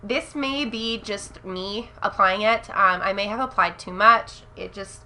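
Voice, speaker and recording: A young woman reviewing makeup on camera in a casual, gushing way, often gasping in excitement. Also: medium pitch, measured pace. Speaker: beauty vlogger.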